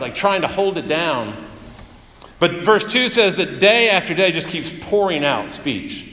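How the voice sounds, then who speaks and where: A man's voice: fairly high pitch, animated, normal speed, a bit bright. Preaching man in an echoey hall. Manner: earnest, emphatic, repeats phrases and restarts. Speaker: pastor. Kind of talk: sermon. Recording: echoey hall with long reverb.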